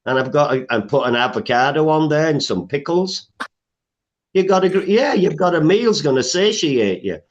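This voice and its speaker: A man's voice: on the high side, expressive, normal speed, highs cut off. A man speaking as a health coach guest in a podcast interview, emphatic, listing things off, with frequent "uh" fillers.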